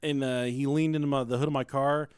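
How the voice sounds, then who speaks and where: A man's voice: mid-range voice, steady tone, quick pace, darkish tone, clean tone, no room sound, clean studio sound. A man in his thirties co-hosting a podcast, telling crude stories full of swearing and mimicking his family. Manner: profane, storytelling, mimics family members. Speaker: podcast co-host. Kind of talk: crude casual chat.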